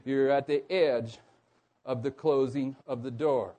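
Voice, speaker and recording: A man's voice: medium pitch, fairly even intonation, a little slow, warm tone. A man preaching a sermon to a congregation, asking them questions and often breaking off to restart a phrase. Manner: asks the audience rhetorical questions; stumbles and restarts mid-phrase.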